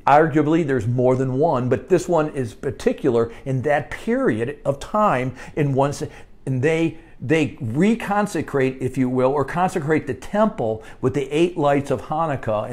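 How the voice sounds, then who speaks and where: An American man teaching a Bible study as pastor, conversational, often checking in with "all right?" and climbing high when he stresses a point. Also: animated, unhurried, a little mellow.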